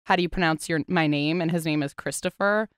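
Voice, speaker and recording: A woman's voice: low-pitched, fast talker, smooth, no room sound, studio quality. A young woman co-hosting a podcast, telling stories in casual chat and acting out what others said. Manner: lively storytelling, does voices of others. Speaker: podcast co-host.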